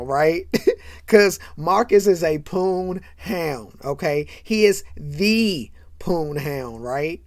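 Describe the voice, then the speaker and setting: A man's voice: high-pitched, dry recording. A man hosting a channel, recapping a film scene by scene, acting out the characters and keeping checking in with "right?". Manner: retells scenes acting out every voice, keeps asking "right?". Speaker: channel host. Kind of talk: animated movie recap.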